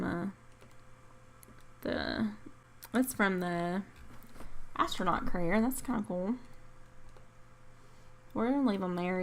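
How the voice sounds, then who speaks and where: A woman's voice: mid-range voice, gravelly, a little hiss or hum. Tired, rambling woman gamer. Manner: rambling, apologetic, self-deprecating. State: tired, yawning. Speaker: gaming channel host. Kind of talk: casual gameplay commentary.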